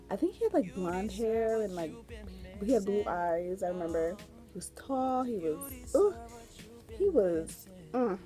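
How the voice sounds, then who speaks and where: A woman's voice: mid-range voice, dark tone. A young woman telling a story on her vlog in a rambling, chatty way, full of fillers and giggles. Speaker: vlogger. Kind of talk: casual storytime chat.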